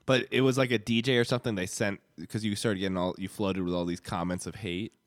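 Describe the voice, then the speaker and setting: A man co-hosting a casual podcast, chiming in with quick, goofy jokes. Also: fairly low pitch, steady tone, dry recording, studio quality. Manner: quick-witted, goofy, chimes in. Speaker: podcast co-host.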